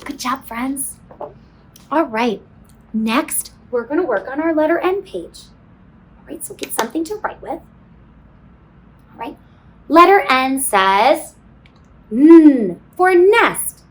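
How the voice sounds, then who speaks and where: A woman teaching a phonics lesson to kindergarten children, slow and sing-song, encouraging, with playful sound effects. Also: high-pitched, expressive, a little hiss or hum. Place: classroom.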